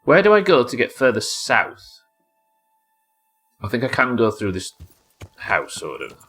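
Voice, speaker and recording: A man streaming a game live, commenting excitably and swearing as he plays. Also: medium pitch, unhurried, husky, faint music behind. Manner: excitable, sweary, talking to himself.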